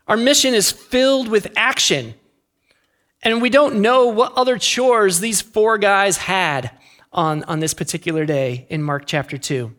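Pastor, sermon, earnest, emphatic, mid-pitched voice. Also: a bit bright.

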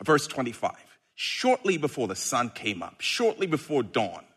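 Male preacher, slow deliberate sermon, wildly swinging pitch, playful. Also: husky. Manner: animated, playful, with sudden shouted bursts.

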